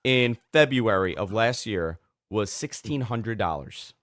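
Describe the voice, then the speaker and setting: A middle-aged man, speaking fairly low as he co-hosts a tech podcast. He is chatty and quick to jump in, stumbling through restarts. The sound is dry and close. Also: lively intonation, a bit bright, dry recording. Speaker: podcast co-host. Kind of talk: casual tech chat.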